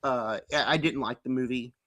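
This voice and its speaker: A man's voice: mid-range voice, moderate pace, fairly bright tone. A young man reviewing movies on a live stream, rambling casually with lots of fillers and mocking impressions of characters. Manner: rambling, filler-heavy, mocks characters with put-on quotes. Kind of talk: casual live-stream tier list chat.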